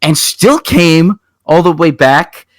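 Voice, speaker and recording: A man's voice: on the high side, slow, no room sound. Rambling man talking racing, dry sound. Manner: rambling, animated storytelling with restarts. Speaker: co-host of a racing talk show. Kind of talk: casual chat.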